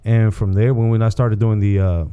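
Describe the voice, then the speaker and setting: Dark-voiced rambling man telling stories. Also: lowish voice, level tone, moderate pace, clear, resonant tone, muffled recording. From Texas. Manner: rambling storytelling with frequent "you know what I'm saying". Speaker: guest comedian. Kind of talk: casual podcast chat.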